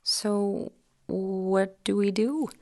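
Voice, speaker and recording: A wry bride. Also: female voice, medium pitch, drawn-out words, a little mellow. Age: 30s. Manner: wry, teasing. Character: wry bride in her late thirties.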